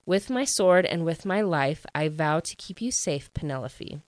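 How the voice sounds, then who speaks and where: Woman doing a solemn, low-voiced young guard. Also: expressive, measured pace, darkish tone, no echo. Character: gallant young male guard vowing loyalty.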